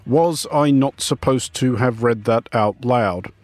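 A man's voice: medium pitch, takes it slowly, a little mellow, dry recording. A man hosting a radio news show, reading scripted satirical commentary in a dry, ornate, mock-pompous manner.

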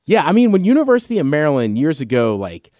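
A man's voice: a little high, big pitch swings, fast talker, mellow, dry recording, studio quality. A man in his thirties chatting casually as a podcast co-host, telling rambling stories and laughing often. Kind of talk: casual chat.

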